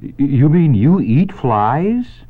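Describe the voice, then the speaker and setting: A man reading aloud and voicing a timid young pig who speaks haltingly and pleads, over a tinny phone-like line. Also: lowish voice, very animated, full character voice. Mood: dismayed.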